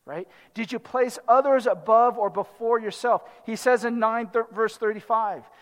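Talking at normal speed, a pastor with a very high-pitched voice preaches as if in conversation, with a long reverb tail behind his words. He checks in with the congregation often, sprinkling in "right?"

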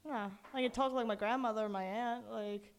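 A woman's voice: a little high, fairly even intonation, a little fast, a loud crowd. A young woman, a guest on a podcast, chatting casually in a hesitant, giggly way with lots of fillers. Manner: giggly, hesitant, many likes. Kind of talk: casual chat.

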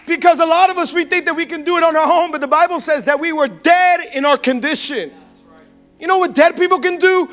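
High-voiced man preaching with fervor. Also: fairly quick, soft background music, a faint crowd. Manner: impassioned preaching that swings from shouts to hushed tones. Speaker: pastor. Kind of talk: sermon.

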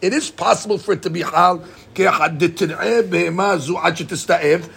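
A man teaching a casual Talmud study lesson. He reads the text off rapidly, then explains it in English, often stumbling and repeating words. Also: sits high, creaky, a bit bright, breathy edge.

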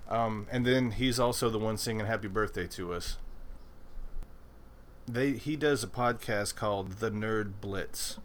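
A man hosts a podcast in loose, rambling chat. He swears freely and trips over restarts. His voice sits on the low side, with faint background noise. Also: a bit bright. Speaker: podcast host.

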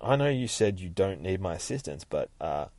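A man's voice: sits low, big pitch swings, moderate pace, a little mellow, no echo. A man voicing a smug, bald male scientist who raises the dead, speaking with mocking politeness.

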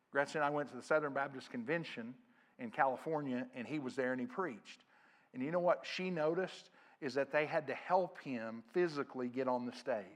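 A middle-aged man preaching a sermon as pastor, earnest, growing louder when he quotes scripture. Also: medium pitch. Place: church sanctuary.

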